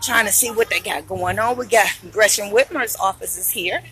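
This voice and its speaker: A woman hosting a live radio broadcast from a street festival, talking fast and hyping up the people she meets. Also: mid-range voice, a bit bright, soft background music. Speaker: radio host.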